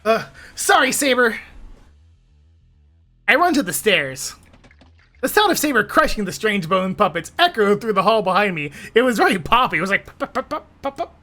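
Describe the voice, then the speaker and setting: A woman's voice: mid-range voice, sing-song, moderate pace, pauses often, sharp tone, soft background music. Giggly woman narrating a stream read-along. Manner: giggly, playful, chatty. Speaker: streamer reading a visual novel.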